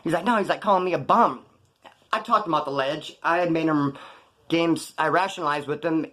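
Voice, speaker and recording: A middle-aged man rattles off stories from his past at a rapid clip, in a voice that sits a bit high for a man. He talks in loose street slang and drops into other people's voices when he quotes them, keeping it animated. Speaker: storyteller. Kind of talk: casual storytelling.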